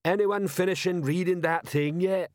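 A man voicing a huge, slow-witted male troll sergeant who bellows and stumbles over long words, in an audiobook. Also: sits high, no room sound, studio quality, voice pushed up, close to an everyday voice. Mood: blunt. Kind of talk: audiobook character voice.

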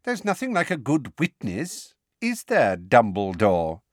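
A man voicing a hearty, blustering middle-aged minister who is quick to anger. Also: medium pitch, wildly swooping pitch, no echo, studio quality. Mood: gloating.

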